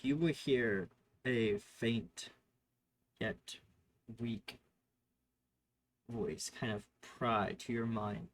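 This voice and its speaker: Drawing out his words and pausing often, a man with a medium-pitched voice runs a tabletop game as game master. His off-the-cuff scene descriptions are full of fillers and mid-sentence self-corrections.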